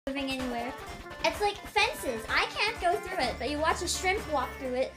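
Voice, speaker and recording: A young woman streaming a game, chatting casually, laughing often, swearing and shouting at the game. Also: high voice, moderate pace. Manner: animated, laughing, swearing, exclamatory. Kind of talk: casual gaming livestream commentary. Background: game music.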